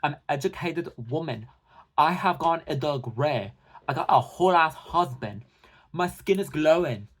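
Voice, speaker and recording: A man's voice: on the high side, animated, unhurried. A man voicing a boastful woman reactor who brags about being educated. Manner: bragging, loud and showy.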